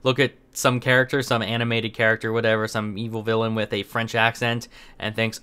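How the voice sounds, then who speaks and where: A young man talking straight to camera in an offhand commentary, circling his points with plenty of ums and false starts. His voice has a bright, edgy tone and sits at an ordinary middle pitch. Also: fairly even intonation, a little fast, clear, resonant tone. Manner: rambling, many fillers and restarts. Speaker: commentary host. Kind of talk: casual opinion commentary.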